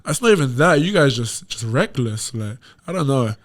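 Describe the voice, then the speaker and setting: A man's voice: mid-range voice, normal speed. A young man from England with an English accent, a podcast guest chatting casually and telling stories with a lot of slang. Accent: English, London slang. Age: young adult. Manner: animated, laughing storyteller, heavy slang. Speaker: podcast guest, college basketball player. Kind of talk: casual chat.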